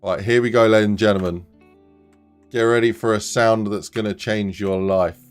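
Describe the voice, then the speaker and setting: A man streaming his game development live, chatting casually and getting excited, laughing often and swearing now and then. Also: fairly low pitch, normal speed, faint music behind.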